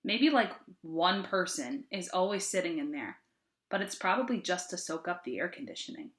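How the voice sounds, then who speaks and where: Bright-voiced woman reading a novel aloud. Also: fairly low pitch, expressive, normal speed. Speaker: sixth-grade teacher.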